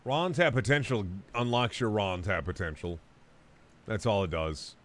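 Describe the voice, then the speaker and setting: A man's voice: lowish voice, expressive, normal speed, fairly bright tone. A young man streaming a video game, chatting casually and ranting with lots of swearing. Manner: crude, profane, ranting. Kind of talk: casual gaming stream chat.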